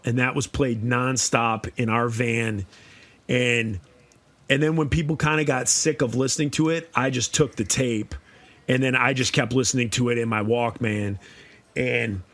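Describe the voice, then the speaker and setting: A man co-hosting a podcast in casual chat, relaxed and rambling, talking nostalgically. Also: medium pitch, no echo. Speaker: podcast co-host.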